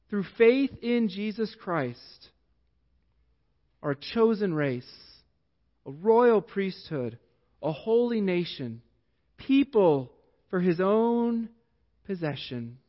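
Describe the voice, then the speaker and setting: A male pastor preaching a sermon in a church sanctuary, telling a story slowly and deliberately with long pauses, in an echoey hall with dull, lo-fi sound. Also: sits high.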